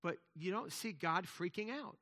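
Bright-voiced male pastor preaching. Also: high voice, lively intonation, normal speed. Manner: conversational preaching, emphatic swells, many restarts. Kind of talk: sermon.

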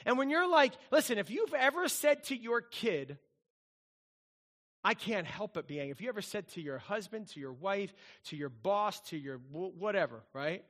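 Brief: middle-aged male pastor, high bright voice, animated, playful sermon delivery. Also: normal speed, few pauses. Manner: animated, playful storytelling with sung bits.

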